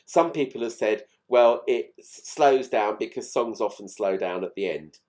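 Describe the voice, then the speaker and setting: A man with a fairly low voice talks casually to his channel's viewers. He explains small recording quirks in close detail, and his enthusiasm comes through. His delivery is conversational and unscripted. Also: normal speed, darkish tone. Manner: chatty, detailed, audibly enthused about tiny recording details. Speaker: music channel host.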